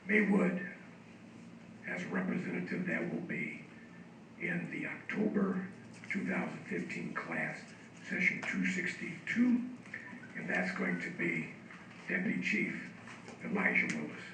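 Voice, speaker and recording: Hoarse guy, police chief talking to a village board, high-ish voice, echoey room, mic far off. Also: huge pitch swings. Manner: halting, with many fillers. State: losing his voice, hoarse. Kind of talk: formal address to a village board. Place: council chamber. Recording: echoey hall, distant mic, noisy.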